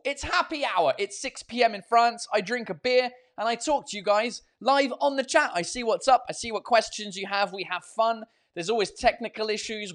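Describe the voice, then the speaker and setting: A man's voice: high voice, no room sound. Man, tired, chatty, swears freely, podcast host, dry room sound. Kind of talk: casual chat. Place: home kitchen at night.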